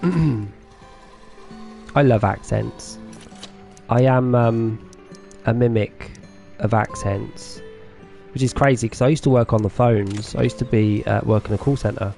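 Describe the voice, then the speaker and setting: A man's voice: mid-range voice, measured pace, creaky, pauses often, mellow, faint music behind. A man with a Norfolk English accent chatting casually with viewers while streaming a farming game, chatty and self-deprecating, laughing often. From England.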